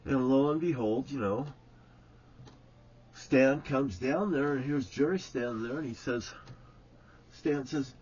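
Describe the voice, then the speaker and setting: A man's voice: medium pitch, unhurried, a little mellow, lo-fi sound, slight background noise. A man telling an old story casually, rambling and swearing freely, often breaking into chuckles.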